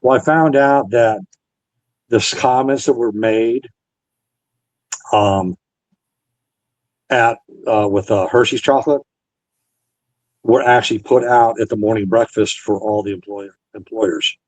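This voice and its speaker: Earnest veteran man, lowish voice, dry close sound, relays old conversations line by line. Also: a little slow, long pauses, no room sound, poor audio. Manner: retells conversations, quoting both sides. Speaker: Navy veteran guest. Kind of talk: storytelling interview.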